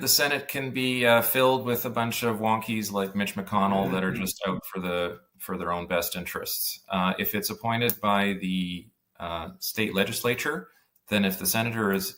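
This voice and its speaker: Deep-voiced blunt male podcast guest. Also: fairly bright tone. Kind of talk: casual political discussion.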